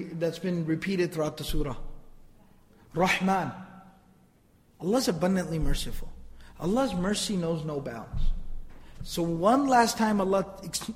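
A man giving an animated Quran commentary lecture, reciting Arabic verses and explaining them with rhetorical questions. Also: high voice, in a large hall. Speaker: Quran teacher.

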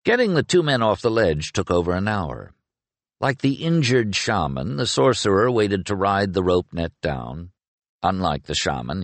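A man narrating a novel with expressive, scripted storytelling. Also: fairly low pitch, no echo. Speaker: audiobook narrator.

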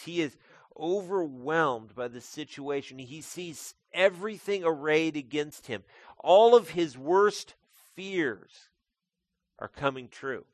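A man's voice: a little high, no room sound. A man preaching a sermon as pastor, talking conversationally and calling his listeners folks.

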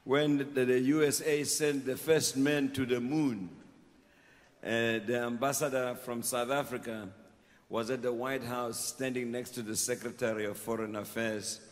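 Between numbers at an outdoor festival, a performing musician addresses the crowd in a mid-range, fairly even voice, unhurried as he tells a story, laughs, and coaches the audience. Music and the band carry on behind him in the reverberant live sound.

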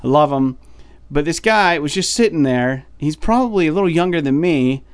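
A man co-hosting a podcast, telling a story in a casual, animated way and sounding fed up. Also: a little high, moderate pace, clear, resonant tone, no room sound. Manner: animated, exasperated storytelling with many fillers. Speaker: podcast co-host.

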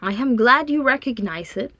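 A woman's voice: medium pitch, expressive, normal speed, dry recording, close to an everyday voice. A woman reading a proud young male dwarf prince aloud, with a dry, wry delivery in a dry, close recording. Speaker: reader voicing a character. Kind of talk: audiobook fan fiction reading.

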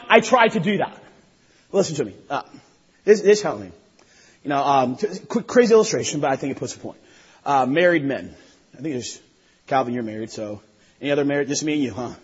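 A man preaching with a high, husky voice that turns animated and shouts at the big moments. His sermon rings out through a long, echoing hall. The recording sounds dull and lo-fi. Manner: animated, laughing, shouts at peaks.

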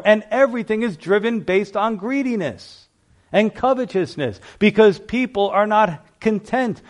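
A man's voice: high voice, animated, unhurried. A man preaching a sermon, earnest and emphatic as he reads scripture aloud.

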